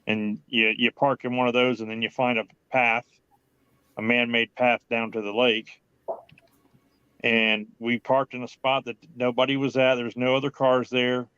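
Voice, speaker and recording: A man's voice: mid-range voice, flat delivery, normal speed, fairly bright tone, smooth, dry recording. A man from Ohio telling a story in casual chat, rambling and profane, quoting himself and others. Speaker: guest in group chat. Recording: dull, slightly lo-fi dry audio.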